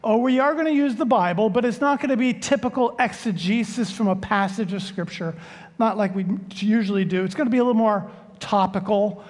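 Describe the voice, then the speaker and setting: A man preaching a sermon as pastor, telling a joke in a relaxed, unhurried way before the scripture reading. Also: high-pitched. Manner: unhurried, joking storyteller. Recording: long church reverb.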